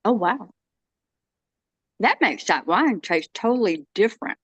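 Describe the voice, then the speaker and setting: A woman's voice: mid-range voice, lively intonation, a little slow, no echo, muffled recording. A woman, chatting casually and folksily while demonstrating a dish. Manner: chatty, folksy, self-interrupting. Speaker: cooking demo guest.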